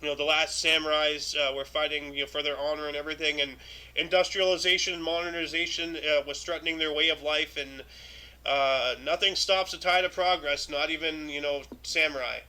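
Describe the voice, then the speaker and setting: A man's voice: fairly high pitch, little pitch movement, fairly quick, pushed and bright. A man hosting a casual history livestream, reading dated events aloud and adding loose offhand remarks with plenty of fillers. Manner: reads dates aloud then adds offhand asides, many fillers. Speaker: show host.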